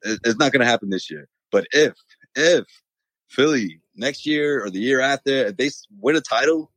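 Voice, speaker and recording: Male podcast co-host, mid pitch, animated jokester with casual swearing, dry close mic. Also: normal speed, no room sound. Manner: animated, jokes and slips into mock voices, swears. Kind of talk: casual sports chat.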